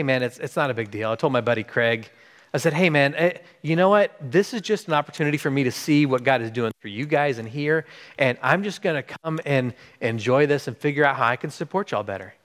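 A man's voice: mid-range voice, in a large hall. A man who is a pastor, preaching a sermon and telling a story, acting out the voices of the people in it. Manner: animated, acts out quoted dialogue.

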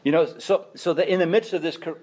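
A man's voice: on the high side, fast, a little mellow. A middle-aged man, a pastor, preaching a sermon with emphatic exhortation and self-deprecating asides.

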